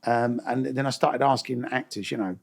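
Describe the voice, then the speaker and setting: A man's voice: medium pitch, normal speed, vocal fry. A man, a guest in a casual interview, telling stories in a chatty way, swearing freely and acting out the voices of people he quotes.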